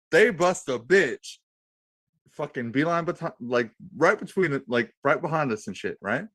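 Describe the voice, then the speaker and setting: This thirties-aged panelist on a radio show has a fairly high pitch and speaks at a normal speed, captured in a dry recording. He rambles through a crude, expletive-laden tale with animated energy, all casual banter.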